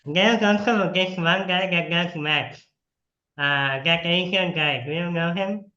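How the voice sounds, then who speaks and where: A man's voice: sits high, takes it slowly, pushed and bright, dull audio. Chatty young-sounding man on a roomy call. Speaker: interviewer. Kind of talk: casual video call interview. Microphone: video call.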